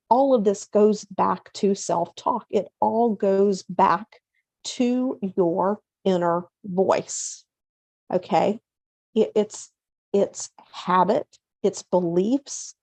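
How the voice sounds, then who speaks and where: A middle-aged woman hosting a casual motivational talk, conversational, acting out inner self-talk and slowing down to stress key points. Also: mid-range voice, dark tone, no room sound. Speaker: hypnotherapist and coach, show host.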